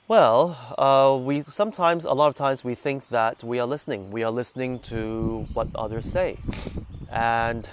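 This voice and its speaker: A man's voice: mid-range voice, fairly even intonation, moderate pace, clean tone. Chill meditation guy talking to his group, kinda stuffy nose, easygoing, insects chirping outside. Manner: gentle, conversational, asks listeners questions. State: congested with sinus trouble. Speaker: meditation guide. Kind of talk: relaxed talk to a meditation group.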